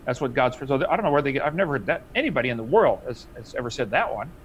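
A man's voice: mid-range voice, expressive, racing, muffled recording. A man in a heated debate, talking emphatically and mockingly, with some faint noise behind.

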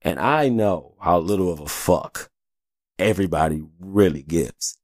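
In a deep, darkish voice and at a slightly slow pace, the podcast host rambles through a casual storytelling monologue, chatty and profane, with frequent "you know what I'm saying" asides. It's a dry, studio-quality recording.

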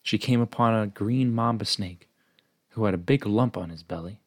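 A man reading a children's picture book aloud in gentle, even storybook narration. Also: fairly low pitch, moderate pace, no room sound, clean studio sound.

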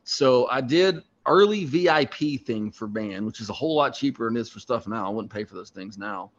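A middle-aged man, a podcast guest, telling rambling, animated anecdotes in casual chat. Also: medium pitch, a little fast. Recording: dull lo-fi sound.

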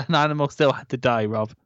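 A man's voice: mid-range voice, moderate pace, a bit bright, no room sound, muffled recording. A man co-hosting a wrestling review podcast, teasing with dry humour in casual chat. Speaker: podcast co-host.

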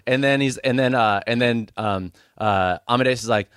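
Male comedy co-host, mid pitch, dry close sound, eager interjections. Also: clear, resonant tone, dry recording. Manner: frequent quick agreement, excitable asides. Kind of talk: improvised comedic storytelling.

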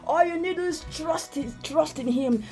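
A woman's voice: high voice, normal speed, dark tone, faint music behind. A woman podcast host preaching and praying prophetically, with fervent, repeated declarations and bursts of speaking in tongues.

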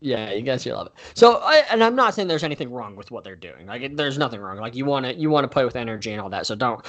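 A man co-hosting a casual sports podcast, chatty and quick to correct himself with apologetic asides. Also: mid-range voice, big pitch swings, fairly bright tone. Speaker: podcast co-host.

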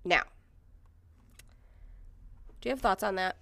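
A woman's voice: medium pitch, takes it slowly, vocal fry, pushed and bright. A young adult woman co-hosting a casual podcast, reading news articles aloud and breaking off into blunt, profane, indignant commentary. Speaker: podcast co-host.

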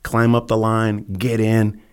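A man's voice: on the low side, monotone, takes it slowly, clean tone. A man in his fifties, a former Navy SEAL guest on a podcast, telling laid-back anecdotes full of fillers and quoted voices. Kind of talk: casual storytelling interview.

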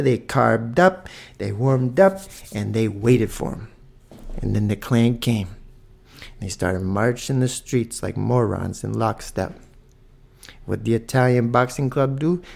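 A man hosting a podcast, telling a story in a lively, profane way with punchy sound effects. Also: mid-range voice, creaky. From Toronto, Canada. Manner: animated, swears freely, adds punchy sound effects. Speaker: podcast host. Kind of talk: casual storytelling monologue.

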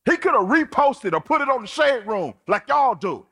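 Husky, animated preacher with a slow delivery. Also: male voice, extremely high pitch. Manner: animated, colloquial, playful preaching. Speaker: pastor. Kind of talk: sermon.

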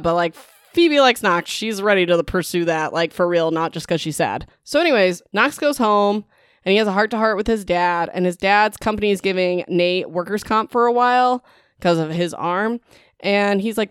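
Woman book reviewer, mid pitch, smooth and crisp, dry close sound; sarcastic, gossipy recap with playful cliffhanger asides. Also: no room sound. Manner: chatty and sarcastic, peppered with "like" and "whatever"; dramatic teasing asides to the audience. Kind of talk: casual chapter-by-chapter book recap.

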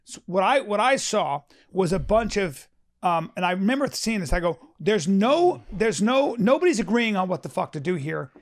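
A man with a high-pitched voice holds forth in a casual podcast chat. He is emphatic and profane, often stumbling over his sentence starts, and acts out other people's words as he talks. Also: very animated, moderate pace. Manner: emphatic, profane, frequent restarts, acts out quotes.

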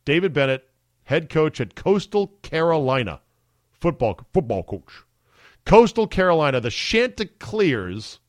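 This man's voice is a little high and recorded with no echo. As a podcast host, he chats casually into a studio mic, sounding enthusiastic and emphatic.

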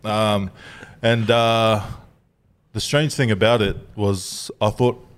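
A man's voice: lowish voice, steady tone, takes it slowly, clean tone. A young Australian man co-hosting a podcast, telling crude stories in casual banter and laughing often. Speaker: podcast co-host.

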